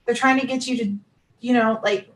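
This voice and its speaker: A woman's voice: on the high side, steady tone, fairly quick, reverberant. A woman talking casually about spiritual experiences, rambling with many fillers and restarts.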